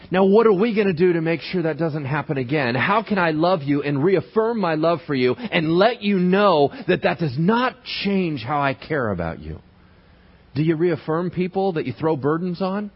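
A pastor delivers a sermon, his high voice leaping up and down as he quizzes the congregation. There is a husky edge to his tone. The recording is dull and lo-fi. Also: normal speed. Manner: animated, asks the congregation questions.

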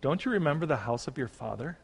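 A man voicing a gentle, patient eldest brother who speaks softly. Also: a little high, lively intonation, fast, creaky, slightly rough, full character voice. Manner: soft-spoken, gentle. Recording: long reverb.

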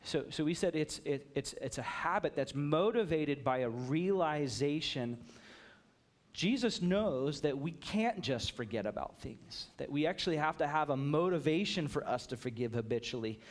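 A middle-aged man preaches in a relaxed, conversational way, slipping into brief acted-out exchanges between people. His voice sits a touch higher than most men's. It is a pastor's sermon delivered like talking to friends. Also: normal speed. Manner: conversational preaching, acts out little dialogues.

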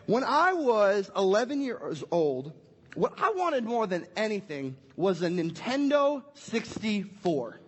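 A young adult man preaching a lively family Christmas sermon in a church hall, playful and energetic as he acts out little scenes. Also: sits high, slow pace, husky. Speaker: pastor. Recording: echoey hall with long reverb.

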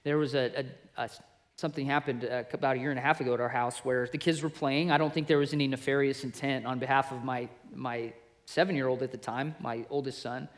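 A man in his thirties preaching to men, telling a family story in an earnest, conversational way that builds into forceful preaching. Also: mid-range voice, steady tone, fast talker. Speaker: pastor. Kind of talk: sermon to men, personal storytelling.

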